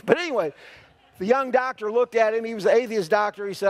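A man's voice: high-pitched, quick pace. A male pastor telling a story in a sermon, folksy and earnest.

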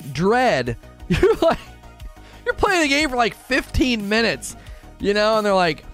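An animated man talks loosely with his viewers while he plays, answering chat and tripping over his words. His voice sits a little high and swings widely in pitch. Faint music runs behind him. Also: measured pace, long pauses. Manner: animated, restarts often, reads chat aloud. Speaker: streamer chatting with viewers. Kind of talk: casual live-stream chat while gaming.

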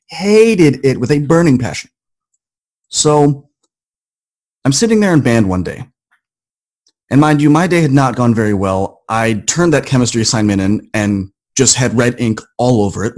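A podcast guest speaking at medium pitch tells a personal story, acting out his quoted inner talk with rising emphasis.

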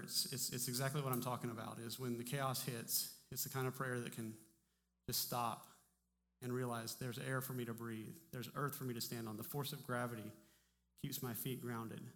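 A man preaching a sermon as pastor, in a relaxed, conversational way with frequent restarts, in a church sanctuary. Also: mid-range voice, slight background noise. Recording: long hall reverb.

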